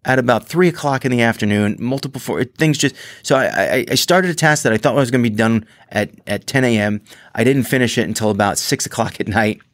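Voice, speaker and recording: A man hosting his own podcast, talking casually on his own, rambling with many restarts and excited asides. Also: mid-range voice, brisk, no room sound, studio quality. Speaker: podcast host. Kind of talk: casual solo podcast monologue.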